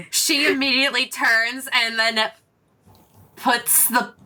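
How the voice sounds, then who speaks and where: A woman playing a tabletop game, narrating her character's actions in a lively, giggly way. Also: on the high side, very noisy. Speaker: player.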